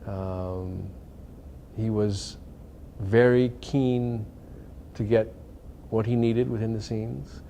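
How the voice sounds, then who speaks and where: A man's voice: lowish voice, steady tone, slow, gravelly, long pauses, mellow, a little hiss or hum. A middle-aged man, an actor talking casually and reflectively in an interview, with many fillers and restarts. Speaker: actor interviewed about a film.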